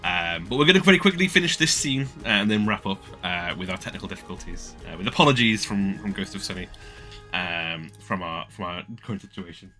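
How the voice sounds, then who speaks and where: A man's voice: low voice, animated, brisk, sharp tone, soft background music. A man narrating as game master of a tabletop game, rambling with many fillers.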